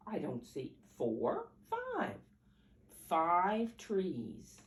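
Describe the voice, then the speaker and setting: An older woman reading picture books aloud to small children in a coaxing, teacher-like way, counting along and asking them questions. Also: fairly low pitch. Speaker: storyteller for preschoolers. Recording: roomy echo, mic at a distance, faint background hum.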